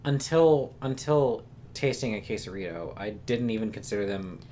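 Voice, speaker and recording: A man co-hosting a game stream, reading viewer messages aloud in a relaxed, halting way. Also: lowish voice, slight background noise. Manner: reads chat messages aloud, hesitant fillers. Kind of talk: casual let's play chat.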